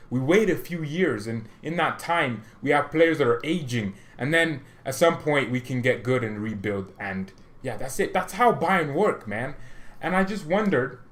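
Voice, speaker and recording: An excitable man hosts a football fan channel in casual chat. His voice sits at a middle pitch and swings between hushed asides and sudden loud bursts. He laughs often and throws in slangy remarks.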